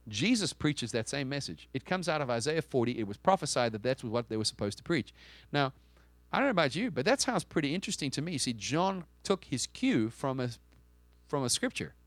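A man's voice: medium pitch, very animated, brisk, no room sound. Male pastor, conversational sermon delivery, punchy emphasis, dry room. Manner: conversational and emphatic, with rhetorical questions and frequent restarts.

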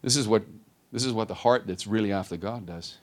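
A man's voice: fairly low pitch, fairly quick. A middle-aged male pastor preaching a sermon, who acts out the voices of the people in the story. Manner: animated, acts out voices of Bible figures.

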